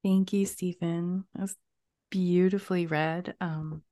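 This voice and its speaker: A woman hosting a podcast interview, measured in her introductions and bursting with enthusiasm when something excites her. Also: on the low side, dry recording, studio quality. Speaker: podcast host.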